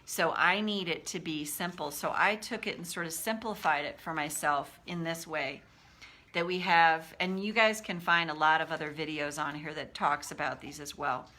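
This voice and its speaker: A woman talking casually to her viewers as a coach, animated, acting out inner voices as she explains. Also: deep voice, normal speed. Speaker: life coach. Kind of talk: casual teaching talk to viewers.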